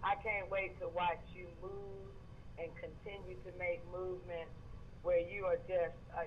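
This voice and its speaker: Man, Southern accent, chatty caller, somewhat high voice, dull line with light noise. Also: little pitch movement, normal speed. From Georgia, US. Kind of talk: phone-in conversation.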